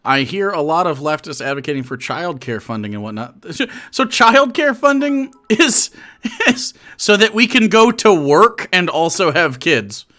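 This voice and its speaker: Male streamer, casual live commentary, bright voice, lively pitch, mocking, laughs a lot. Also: unhurried. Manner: chatty, laughing, restarts, mocking asides.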